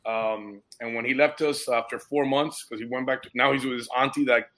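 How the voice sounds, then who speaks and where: A man, a guest and foster parent, telling a story in animated casual conversation, dropping dude and bro and getting emotionally moved. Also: mid-range voice, brisk.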